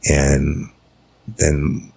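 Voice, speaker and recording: A man's voice: extremely low pitch, very slow, vocal fry, slightly rough, no room sound. A middle-aged man, bluntly and profanely retelling a true crime case as a podcast host. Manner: blunt, profane, retells dialogue in a flat drawl. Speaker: podcast host, former detective.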